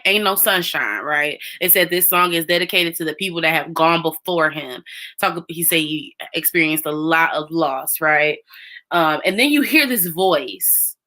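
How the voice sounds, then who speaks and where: A woman's voice: lowish voice, bright, forceful tone. A woman chatting casually on a live stream, recapping a show and talking straight to her viewers.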